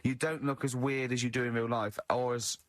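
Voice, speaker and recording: A man's voice: mid-range voice, little pitch movement, a little fast, no room sound. A man hosting a comic radio show from a studio, teasing his co-hosts, rambling and giggling between lines. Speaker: radio host. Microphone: studio microphone.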